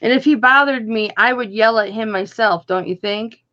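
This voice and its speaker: A woman's voice: a little high, moderate pace, pushed and bright, lo-fi sound. A woman hosting a live online jewelry auction, chatting casually and calling out bidders by name as she counts down the bids. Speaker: auction host.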